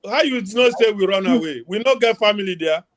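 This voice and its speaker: A man's voice: high-pitched, animated, a little fast, crowd noise. A Nigerian man calling in to a heated online political debate, talking emphatically and pleading for more time. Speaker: caller on a political talk show.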